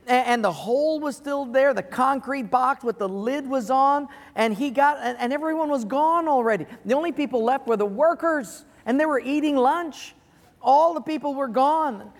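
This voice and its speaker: High-voiced pastor preaching in a hall. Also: male voice, moderate pace. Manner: earnest, storytelling, chuckles at his own punchline. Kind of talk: sermon with storytelling. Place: large auditorium.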